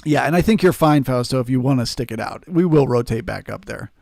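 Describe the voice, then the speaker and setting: A man's voice: medium pitch, a little fast, creaky, a little mellow, no room sound, clean studio sound. A man hosting a live trading stream, answering chat and coaching viewers in an earnest, emphatic way. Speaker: trading livestream host.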